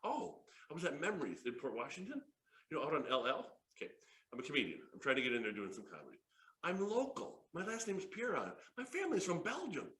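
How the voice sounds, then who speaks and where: A man in his fifties leads a sales workshop in a bright, forward voice that swings widely in pitch. He tells stories with excitable, joking energy and laughs often, and the room adds a noticeable echo. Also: fast. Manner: excitable, jokey storyteller who laughs often. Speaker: workshop presenter. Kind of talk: lively workshop talk with stories. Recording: echoey room.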